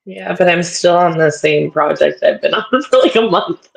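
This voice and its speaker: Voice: medium pitch, expressive, unhurried, gravelly, poor audio. A livestream guest chatting casually about crafting, self-mocking and laughing often. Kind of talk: casual chat while crafting.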